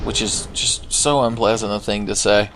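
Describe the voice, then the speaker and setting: Against a noisy background, a young man with a fairly low voice, fairly even intonation, and normal speed comments on a video game he plays. The gaming video host is joking and sarcastic in casual let's play style, sometimes bursting into silly singing.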